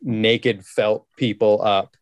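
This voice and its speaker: A man's voice: lowish voice, fairly even intonation, slow pace, dry recording. A man guesting on a podcast, joking crudely and slipping into mock voices in casual chat.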